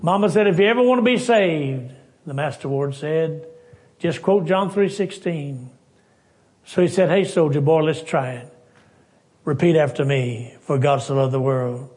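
An older man preaching a sermon, telling folksy stories and acting out the voices, building up to shouting. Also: on the high side, measured pace. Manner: folksy storytelling, acts out voices, rises to shouting. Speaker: pastor.

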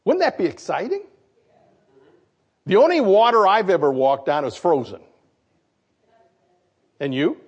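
Pastor, male, slightly high voice, lively sermon full of questions to the congregation, muffled lo-fi recording. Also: unhurried, pauses often, slightly rough. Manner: animated, questions the congregation, acts out quotes. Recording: dull lo-fi recording.

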